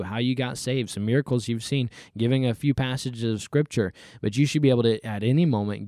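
A man who is a pastor, giving folksy sermon-style advice on a podcast and acting out quoted excuses in a higher voice. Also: a little mellow, no echo, clean studio sound.

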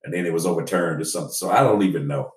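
A middle-aged man with a very deep, low voice tells stories in a relaxed, unhurried way. He slips into lively voices when he quotes people. The room around him is echoey. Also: distant mic. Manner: storytelling, laid-back, quotes people in animated voices. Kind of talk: casual chat.

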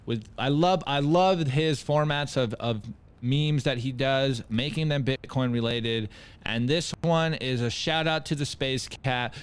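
A man's voice: medium pitch, measured pace, clean tone. A man co-hosting a casual livestream, talking in an earnest, rallying way and calling listeners guys and bro. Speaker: co-host.

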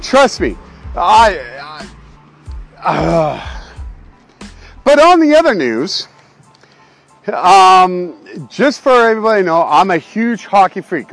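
A man's voice: high-pitched, slow pace, faint music behind. A man, a pastor hosting his own show, talking in a casual, jokey, rambling way that keeps going off on tangents. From Canada. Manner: excitable, jokey, goes off on tangents. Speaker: pastor and podcast host.

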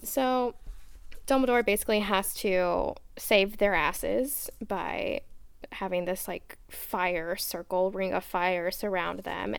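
A woman's voice: mid-range voice, gravelly, smooth, dry recording. A young adult woman co-hosting a podcast, recapping a book in a chatty, casual way. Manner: chatty, filler-heavy recapping. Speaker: podcast co-host.

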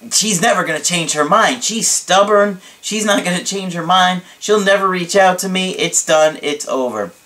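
A male dating coach talks casually to the camera, animated and quick to laugh. His voice sits on the higher side for a man. He keeps checking in with his listeners as he goes.

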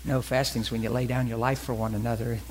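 A man's voice: mid-range voice, level tone, fast talker, a little hiss or hum. A man preaching a sermon, acting out little scenes and dialogue in different voices.

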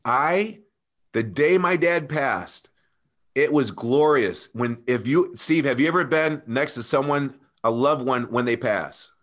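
A male podcast guest shares an emotional personal story, earnest and animated, often addressing the host by name. His voice is mid-range and his pace unhurried.

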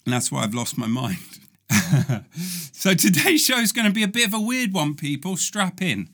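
A man's voice: sits high, big pitch swings, normal speed, bright, forceful tone. A man hosting a comedy podcast, talking in a playful, self-mocking monologue from home in quarantine. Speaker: podcast host.

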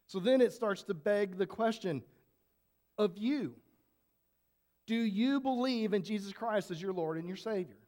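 A man's voice: high-pitched, a little slow, pauses often, warm tone. A man preaching a conversational sermon as pastor, asking rhetorical questions and often restarting his sentences.

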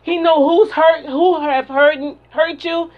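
A woman's voice: high voice, fairly even intonation, takes it slowly. A woman preacher delivering a sermon and prayer in a fervent, repetitive cadence, on a dull lo-fi recording. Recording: dull lo-fi sound.

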